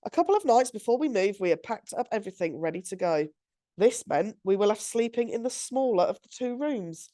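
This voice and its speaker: A woman's voice: medium pitch, lively intonation, brisk, warm tone. A woman, co-hosting a podcast and reading out a listener's story in a chatty, giggly way. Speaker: podcast co-host.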